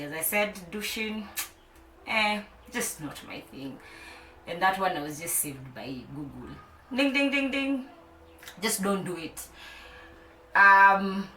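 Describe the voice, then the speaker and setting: A young woman with a Kenyan accent speaks in a lowish, bright, forceful voice, sounding roomy and far from the mic. In her casual vlog to camera she's playful, laughs often, and blends English and Swahili, while street noise carries in from outside her home.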